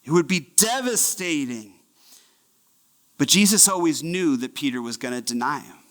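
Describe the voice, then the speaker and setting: A man preaching a sermon as pastor, telling a Bible story in an animated way and acting out the voices of its figures. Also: on the high side, moderate pace. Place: church.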